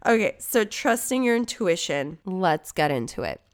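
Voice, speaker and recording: A woman's voice: fairly low pitch, sing-song, moderate pace. A woman hosting her own podcast in a casual, chatty, rambling way, swearing freely and wandering into asides. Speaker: podcast host. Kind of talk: casual solo podcast chat.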